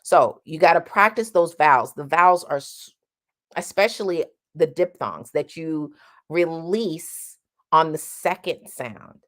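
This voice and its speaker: A woman's voice: low-pitched, lively intonation, measured pace, a bit bright. A woman teaching a singing lesson, explaining vowel sounds and singing short vowel demonstrations between her explanations.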